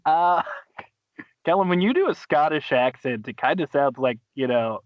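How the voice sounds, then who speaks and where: An enthusiastic man hosting a podcast, rambling through a recap with lots of fillers. His voice sits a little high. The sound is dull and lo-fi, and very dry. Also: expressive, moderate pace, no room sound. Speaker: podcast host. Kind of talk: casual chat.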